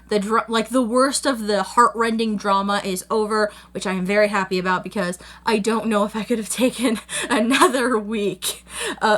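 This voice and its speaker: A woman's voice: mid-range voice, fairly bright tone. A young woman hosting a casual anime review, gushing and rambling with lots of fillers. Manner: gushing, rambling, full of "like" and "you know". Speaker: anime reaction host.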